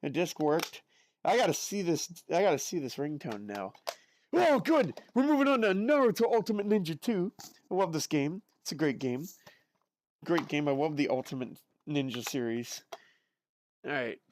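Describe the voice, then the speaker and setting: A man's voice: on the high side, sing-song, normal speed, slight background noise. A male streamer chatting casually and playfully with his live chat while he works at his desk.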